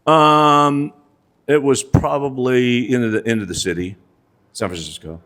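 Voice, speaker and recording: A man's voice: mid-range voice, steady tone, measured pace, a bit bright. A man in his sixties, a podcast guest, telling an old story in a hesitant way and repeating short agreements. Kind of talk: casual storytelling chat.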